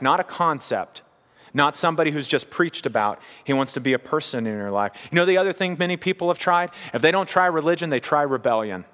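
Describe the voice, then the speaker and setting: A man's voice: a little high, a bit bright. Earnest male preacher in a reverberant hall. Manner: earnest, building to emphatic repetition. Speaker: pastor. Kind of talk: sermon.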